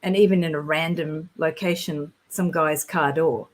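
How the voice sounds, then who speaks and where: A woman telling of spiritual experiences in a casual conversation, earnest and rambling, and quick to get excited. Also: low-pitched, low-quality recording. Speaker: guest sharing spiritual experiences.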